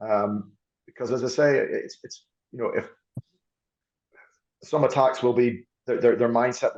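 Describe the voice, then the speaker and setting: A man's voice: medium pitch, fairly even intonation, measured pace, pauses often, darkish tone, highs cut off. A man who coaches rugby, talking through ideas as a podcast guest, often restarting and repeating words as he thinks. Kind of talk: podcast discussion.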